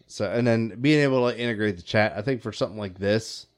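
A man's voice: fairly low pitch, fast. A man hosting a podcast, chatting casually with friends and swearing freely. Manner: profane, laid-back banter. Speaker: podcast host. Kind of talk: casual chat.

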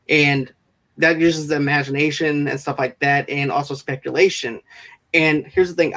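A man hosting a casual interview, talking in quick, enthusiastic bursts and often speeding up. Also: on the high side, fairly bright tone. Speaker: interview host.

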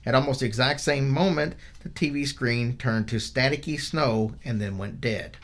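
A man co-hosting a podcast, telling a true ghost story from notes in a steady, measured way that slows down for the dramatic parts. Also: mid-range voice. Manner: steady, measured delivery, slowing for dramatic moments.

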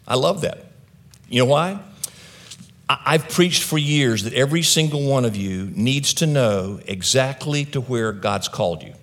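A male pastor delivering a sermon in a voice pitched a little above the usual for a man. He reads scripture slowly, leaning on key words, then shifts into a conversational explanation. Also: a bit bright. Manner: slows and stretches key words for emphasis.

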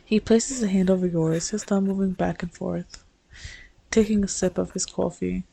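A woman reading her own second-person fanfic aloud in a soft, unhurried storytelling manner. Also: on the low side, fairly even intonation, gravelly, slightly rough, low-quality recording. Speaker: fanfic reader.

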